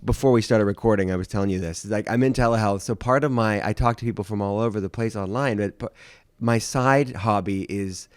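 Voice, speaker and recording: A man's voice: on the low side, brisk, smooth, dry recording, studio quality. A man hosting an interview podcast as a clinician, enthusiastic and affirming toward his guest. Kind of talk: casual interview conversation.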